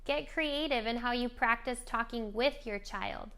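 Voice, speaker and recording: A woman presenting a scripted lesson for parents on modeling language for young children, coaching in a clear, gentle way. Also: on the high side, measured pace. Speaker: speech therapy presenter. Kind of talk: scripted instructional narration.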